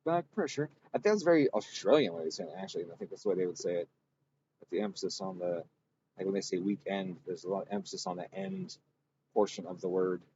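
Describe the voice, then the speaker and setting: A man's voice: low voice, quick pace, warm tone. Guy rambling thru a dyno tune on stream, kinda muffled audio, light noise. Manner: thinks aloud, rambling, self-correcting. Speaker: engine tuner streaming a dyno session. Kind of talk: casual technical livestream talk.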